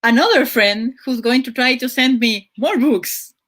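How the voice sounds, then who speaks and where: Slightly high and a bit bright, this woman's voice moves at an unhurried pace as she hosts a casual live-stream chat. English isn't her first language, and she giggles a lot, uses many fillers, and keeps restarting sentences.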